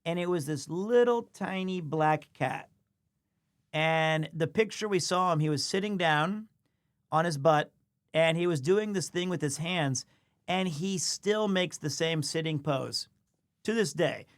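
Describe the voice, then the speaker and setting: A man's voice: fairly high pitch, unhurried. A man streaming live, chatting casually as he tells a rambling story and breaks off to coo at his cat. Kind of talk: casual livestream chat.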